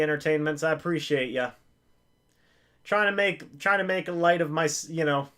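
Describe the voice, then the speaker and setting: Man, fairly high voice, live game reaction host, excitable, pleading, jokey play-by-play. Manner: excitable, pleading with players, self-mocking humor.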